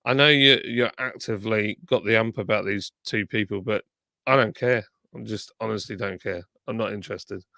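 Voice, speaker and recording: Gravelly man reading live chat. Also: fairly low pitch, normal speed, pushed and bright, no room sound, studio quality. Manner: chatty, reads viewer comments aloud, thanks subscribers. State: sore tongue. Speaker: livestream host. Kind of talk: casual live-stream chat reading comments.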